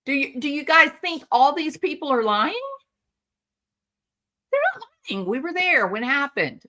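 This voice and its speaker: A woman hosting a commentary stream delivers an indignant monologue, outraged and sarcastic, speaking straight to the person she criticizes. Her voice is high, animated and sharp in tone, at a moderate pace.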